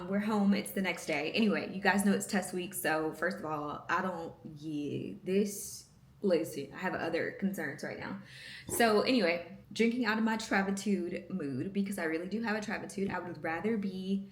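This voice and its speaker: A woman's voice: on the low side, moderate pace, reverberant, a little hiss or hum. A woman in her thirties who is a medical student, chatting casually and playfully to her vlog camera at home and poking fun at herself. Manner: chatty, playful, self-mocking.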